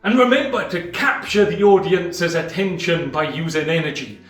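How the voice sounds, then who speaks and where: A man with a slightly raised voice explains a book in a measured way, leaning on pauses and emphasis. He sits a little back from the mic in an echoey room. Soft music plays faintly behind him. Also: a little high, far from the mic. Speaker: channel host summarizing a book. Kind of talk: explanatory book-summary monologue.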